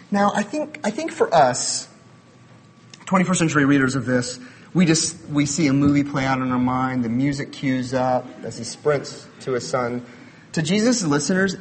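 A man's voice: a little high, slightly rough. A man in his thirties giving a sermon as a pastor, conversational, mixing personal stories with building emphasis.

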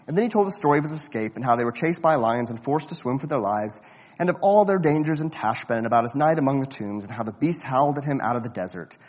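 A man reads a children's story aloud in a measured, expressive voice at a middling pitch. His tone is breathy and husky, with a long echoing reverb around it. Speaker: narrator.

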